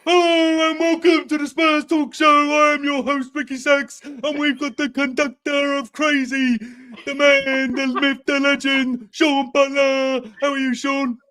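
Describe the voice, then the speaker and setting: Brief: a man playing a brash showbiz host, squeaky and theatrical. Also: flat delivery, unhurried, bright, forceful tone, full character voice. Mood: showy. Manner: overblown showman greeting.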